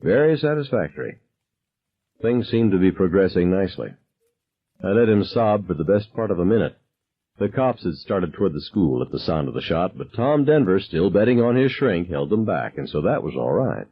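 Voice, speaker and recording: A man narrating an audiobook in a lively, dramatic reading. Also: sits low, moderate pace, breathy edge. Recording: dull lo-fi sound.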